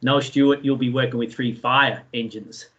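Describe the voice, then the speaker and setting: A man's voice: medium pitch, fairly even intonation, moderate pace, fairly bright tone, muffled recording, close to an everyday voice. Australian man doing an American fire boss. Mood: amused. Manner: mock American accent. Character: American male fire boss, friendly and laid-back.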